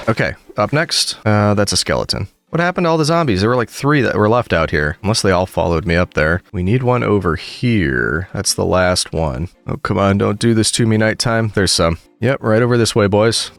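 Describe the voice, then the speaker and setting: Deep-voiced man doing chatty gameplay commentary. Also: a little fast, few pauses, dry recording. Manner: chatty and excitable, talks to the game's mobs. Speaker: gaming video creator.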